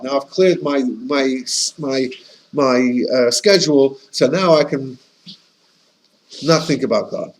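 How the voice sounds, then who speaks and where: A rabbi with a mid-range voice teaches slowly in a relaxed, chatty lesson full of anecdotes. He often starts sentences over and mixes in Yiddish and Hebrew terms. The audio quality is poor.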